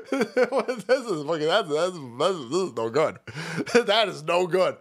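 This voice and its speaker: A man's voice: high-pitched, slow. A man in his forties hosting a livestream, ranting casually with lots of swearing and frequent laughter. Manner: profane, laughs often, animated outbursts. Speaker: livestream host.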